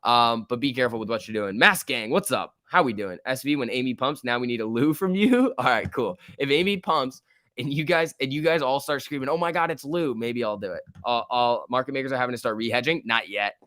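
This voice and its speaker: Excitable young man, dry close sound. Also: medium pitch, brisk, dry recording. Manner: excitable, laughs often, reads chat aloud. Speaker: stock livestream host. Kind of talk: casual live-stream chat.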